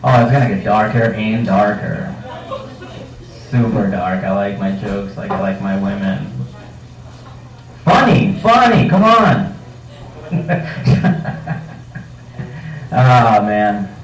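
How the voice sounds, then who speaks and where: A man doing a live stand-up set in a bar, joking crudely and acting out other people's voices. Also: mid-range voice. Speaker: stand-up comedian. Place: comedy night in a bar. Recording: roomy bar room, mic heard from a distance, faint noise.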